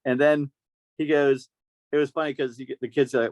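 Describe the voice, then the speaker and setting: A man hosting a podcast, telling a story in a casual, animated way and acting out the voices of the people in it. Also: medium pitch, moderate pace, no echo. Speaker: podcast host.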